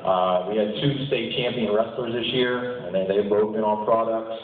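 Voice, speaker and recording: Man, thirties, eager testimonial speaker, lowish voice, distant tinny mic, big echo. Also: moderate pace. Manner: enthusiastic, storytelling, chuckles often. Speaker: teacher and athletic director giving a testimonial. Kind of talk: personal testimonial speech. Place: meeting room. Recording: distant, tinny, echoey hall recording.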